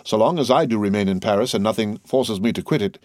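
An eager young schemer who flatters and frets by turns, as a man reading a novel puts him on. The voice sits a little above the reader's own low register. The recording is close and dry. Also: fast talker, no echo, natural voice. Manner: ingratiating, anxious.

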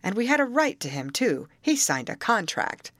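A woman reader voicing a rough camp boss, a man who growls his answers sullenly. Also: very high voice, big pitch swings, normal speed, fairly bright tone, no echo, studio quality, pitched above the performer's own voice, full character voice.

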